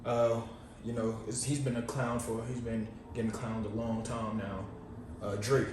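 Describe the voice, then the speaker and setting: A man's voice: medium pitch, flat delivery, normal speed, distant mic. A man co-hosting a podcast in casual chat, rambling and slangy in a laid-back way. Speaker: podcast co-host. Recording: echoey room, off-mic, faint noise.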